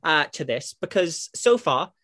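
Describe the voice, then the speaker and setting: Brief: male podcast host, chatty, rambling, very animated intonation. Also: fairly high pitch, unhurried. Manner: rambling, filler-heavy, enthusiastic. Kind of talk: casual podcast interview.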